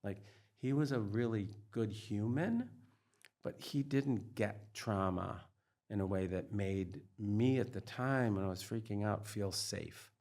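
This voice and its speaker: A middle-aged male psychiatrist and trauma expert speaks candidly as an interview guest, his voice fairly low, slightly slow, and darkish in tone. He is earnest and emphatic, peppering his speech with "like" and "you know."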